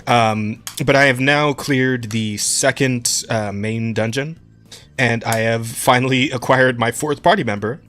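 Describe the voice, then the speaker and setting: Rambling, excitable young man podcasting. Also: medium pitch, unhurried, soft background music. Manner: enthusiastic, rambling, swears a lot, laughs often. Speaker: podcast co-host. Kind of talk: casual chat about games.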